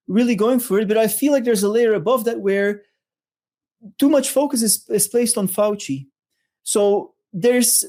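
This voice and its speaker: A co-host in a casual chat, reflective and halting, often searching for words. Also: medium pitch, mellow. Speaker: podcast co-host.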